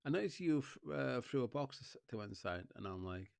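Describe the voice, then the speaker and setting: A man talks loosely to his audience in a rambling vlog style. His voice sits at an ordinary middle pitch and is recorded dry, with little room sound. He repeats his fillers constantly and breaks into laughter. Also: expressive, brisk, creaky, a little mellow, no room sound. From Wales. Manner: rambling, repeats "you know what I mean", laughs often. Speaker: streamer and vlogger. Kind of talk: casual rambling chat.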